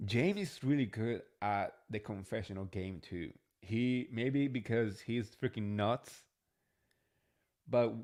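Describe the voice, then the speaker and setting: A man hosting a casual reality TV recap, chatty and gossipy, swearing freely. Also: fairly low pitch. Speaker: host.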